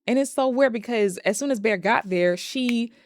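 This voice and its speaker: A woman's voice: fairly high pitch, moderate pace, dry recording, studio quality. A young woman casually recapping and reviewing a movie, chatty and profane, retelling scenes dramatically.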